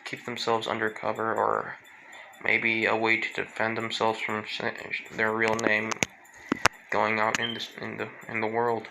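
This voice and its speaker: A man voicing an emotional, easily shocked teenage girl in a read-aloud fan story, with halting delivery and restarts. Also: lowish voice, completely flat delivery, creaky, background noise. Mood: worried.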